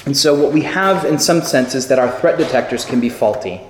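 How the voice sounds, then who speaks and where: A man preaching a sermon, telling stories with lively acted-out quotes. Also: mid-range voice, brisk, background noise. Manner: animated storytelling with acted quotes. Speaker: pastor. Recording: echoey hall with long reverb.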